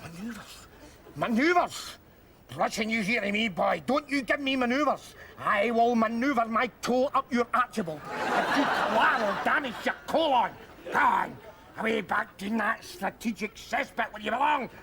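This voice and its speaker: A man's voice: extremely high pitch, normal speed, vocal fry, sharp tone, exaggerated voice. A middle-aged man with a broad Glaswegian accent, playing a brash, combative street philosopher who rants in mock-grand speeches in a TV sitcom. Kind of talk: sitcom acting. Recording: TV sitcom audio with background noise.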